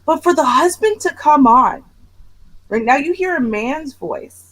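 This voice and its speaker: A woman's voice: high-pitched, lively intonation, a little slow, fairly bright tone, poor audio. A woman hosting a casual reaction chat, talking emphatically and with disbelief. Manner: emphatic, incredulous commentary. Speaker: show host.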